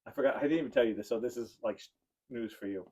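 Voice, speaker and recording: A man co-hosting a podcast, telling a long story in casual chat and now and then breaking into high squeals. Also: rapid-fire, a little mellow, husky. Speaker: podcast co-host.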